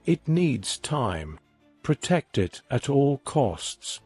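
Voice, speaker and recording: A man's voice: mid-range voice, sing-song, drawn-out words, darkish tone, breathy edge, dry recording, soft background music, exaggerated voice. A man reading the lines of a cautious, strained male scientist in a scripted story. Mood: tense.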